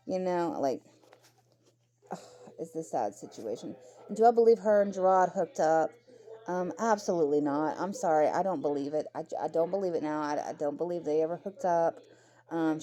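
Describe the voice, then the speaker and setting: A woman's voice: sits low, dark tone. A young adult woman talking bluntly and emotionally in a casual commentary rant, swearing freely. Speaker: commentary vlogger.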